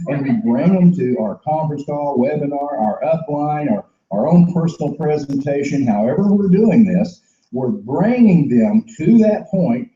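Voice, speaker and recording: A man's voice: a little high, lively intonation, moderate pace, warm tone, roomy sound, dull audio. A man giving an emphatic, repetitive sales training talk and acting out sales dialogues.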